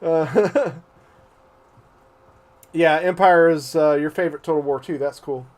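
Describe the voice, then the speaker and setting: A man's voice: on the high side, slow pace, a little mellow. A man giving loose, joking commentary while live-streaming a strategy game, with frequent fillers and asides to his viewers. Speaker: gaming streamer.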